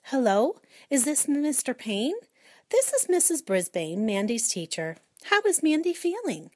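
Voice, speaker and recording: A woman reading aloud and voicing a gentle, patient schoolteacher in a children's storybook. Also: sits high, sing-song, unhurried, no room sound, clean studio sound, voice pushed up, heavily acted. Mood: calm.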